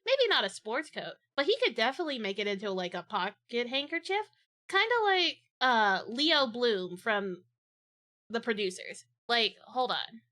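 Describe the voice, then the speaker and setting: A woman's voice: fairly high pitch, very animated, moderate pace, bright, forceful tone. A woman streamer chatting casually on a watch-along stream, rambling playfully into silly bits.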